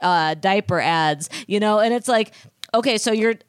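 A woman's voice: mid-range voice, normal speed, clear, resonant tone, dry recording. A woman in her thirties co-hosting a podcast, chatting casually and telling stories, acting out the voices she quotes. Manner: animated storyteller, acts out quoted voices. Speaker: podcast co-host. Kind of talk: casual gossip chat.

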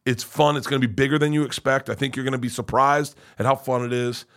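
Excitable swearing male comedian. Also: mid-range voice, quick pace. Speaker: guest comedian. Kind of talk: casual chat.

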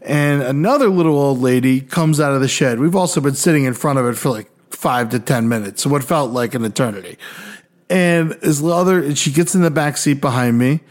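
A young man co-hosting a podcast, telling stories casually in an animated, profane way and acting out other people's voices. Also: medium pitch, brisk. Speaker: podcast co-host. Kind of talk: casual storytelling.

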